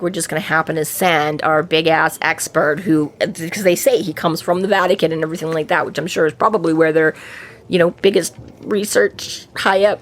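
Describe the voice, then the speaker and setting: A woman co-hosting a casual book discussion, talking animatedly, laughing often and acting out characters' lines. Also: low voice. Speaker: podcast co-host.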